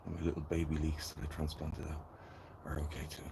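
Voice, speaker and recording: Low-voiced Dublin man, rambling gardening-stream host talking to chat, with steady noise behind him. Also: brisk, gravelly. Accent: Dublin Irish. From Ireland. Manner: chatty, rambling, talks to his viewers while working. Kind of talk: casual live-stream chat.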